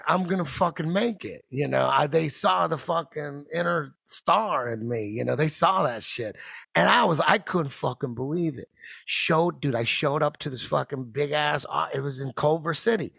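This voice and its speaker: A man's voice: on the high side, moderate pace, vocal fry, no room sound, clean studio sound. A man hosting a podcast, telling a casual comedic story full of swearing and acting out the voices of the people in it. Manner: profane, animated storyteller who acts out the voices of others. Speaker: podcast host.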